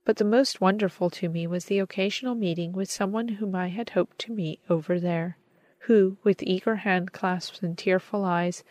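A woman reading a story aloud as narrator, in a measured, earnest manner. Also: medium pitch, steady tone, a little mellow, no echo. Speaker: audiobook narrator. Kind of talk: scripted narration.

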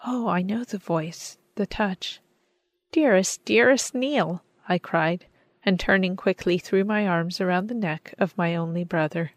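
A woman narrating an audiobook in a measured, gentle manner. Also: on the low side, dry recording. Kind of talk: audiobook reading.

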